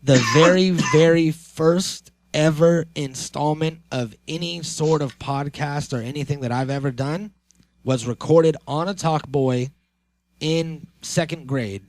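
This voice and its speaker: A man's voice: on the high side, measured pace, a little mellow. A man in his thirties hosting a podcast, joking casually and swearing freely. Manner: joking, profane, laid-back. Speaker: podcast host. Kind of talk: casual chat.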